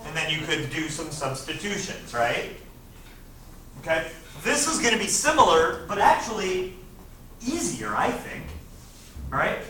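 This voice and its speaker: A man's voice: on the high side, sing-song, unhurried, pauses often, bright, forceful tone, far from the mic. Man teaching in an echoey classroom. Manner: conversational, checks in with frequent "right?". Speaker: physics teacher. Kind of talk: classroom lecture, reviewing test problems. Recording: echoey classroom, recorded from afar, noisy.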